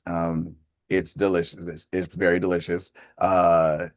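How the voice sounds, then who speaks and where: A man's voice: sits low, level tone, unhurried, no room sound, studio quality. A man in his fifties hosting a group call, chatting casually in a rambling way and laughing often. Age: 50s. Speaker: host of an accountability call.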